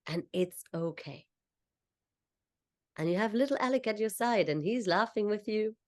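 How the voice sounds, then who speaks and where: A woman coach leading a slow, soothing guided visualization, talking the listener through each step. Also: mid-range voice, animated. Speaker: confidence coach.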